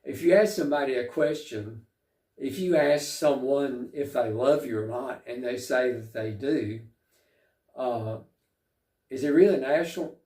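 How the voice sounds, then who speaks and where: Male preacher, slow and halting, mellow tone, echoey room from a distance. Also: medium pitch. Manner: slow, reflective, with frequent pauses and fillers. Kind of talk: sermon.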